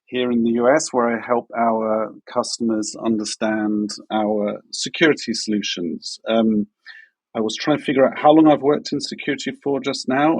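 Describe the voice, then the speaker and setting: Wry British man, husky voice. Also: mid-range voice, no echo, rough recording. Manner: self-deprecating, wry. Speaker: security expert guest. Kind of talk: casual podcast chat.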